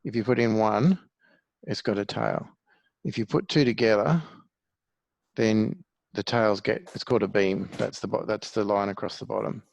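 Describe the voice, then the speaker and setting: A man's voice: fairly low pitch, moderate pace, vocal fry, no room sound. A man teaching a one-to-one music lesson, patiently explaining things step by step.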